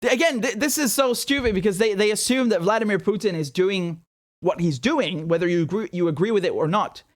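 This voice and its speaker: Animated high-voiced male commentator. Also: a little fast. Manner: incredulous, animated, many restarts. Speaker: political commentator. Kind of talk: casual ranting commentary.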